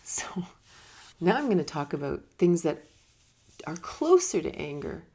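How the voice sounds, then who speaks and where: In a casual spoken teaching talk on personal growth, a woman speaks conversationally and emphatically, occasionally laughing or acting out brief quotes. Her voice sits low and is husky and darkish, with a sing-song lilt and a measured pace.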